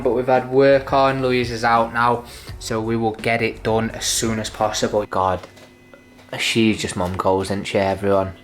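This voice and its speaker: A young man, a new father chatting casually and joking on his vlog. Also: mid-range voice. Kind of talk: casual chat.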